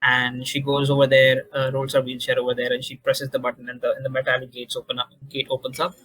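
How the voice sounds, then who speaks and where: A man narrating as game master in a tabletop role-playing game, halting with many fillers and restarts. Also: mid-range voice, monotone, a bit bright, low-quality recording.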